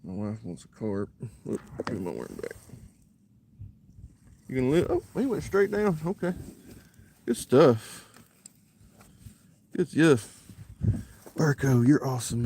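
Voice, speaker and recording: A man's voice: medium pitch, expressive, measured pace, long pauses, dark tone, a little hiss or hum. Chatty man fishing a creek. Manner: chatty, mutters to himself between greetings to viewers. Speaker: fishing live-streamer. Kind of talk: casual live-stream commentary. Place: outdoors at a creek.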